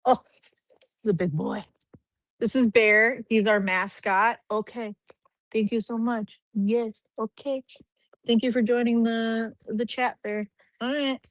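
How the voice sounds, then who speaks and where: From a home office where a dog is nearby, a woman recruiter hosts a live stream in a mid-range voice with no echo. She keeps things casual and upbeat, talking through her thoughts as she clicks through profiles.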